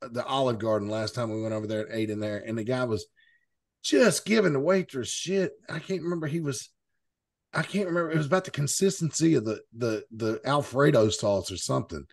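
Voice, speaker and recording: A man's voice: medium pitch, fairly quick. A man on a podcast panel, chatting casually and telling stories in a blunt, outspoken way. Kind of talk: casual chat.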